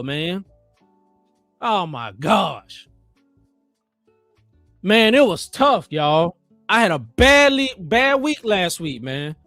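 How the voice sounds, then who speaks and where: A man hosting a live trading stream, chatting casually in an animated, joking, motivational way. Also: sits high, dry recording. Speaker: trading livestream host.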